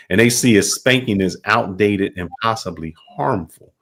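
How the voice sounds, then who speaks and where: A man hosting a podcast interview, asking long, halting, rambling questions. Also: on the low side, a bit bright. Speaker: podcast host.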